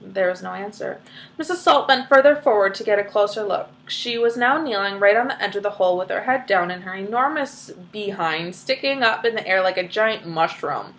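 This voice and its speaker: A woman's voice: medium pitch, animated, fairly quick, fairly bright tone. A woman reading a children's book aloud, stopping for chatty explanations. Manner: chatty asides full of "like".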